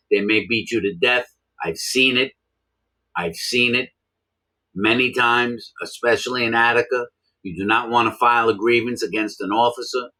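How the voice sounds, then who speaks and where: A man's voice: mid-range voice, bright, forceful tone, rough recording. A man who served time in prison, talking bluntly and repeating his points for emphasis. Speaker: former prisoner explaining prison life. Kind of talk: casual monologue to camera.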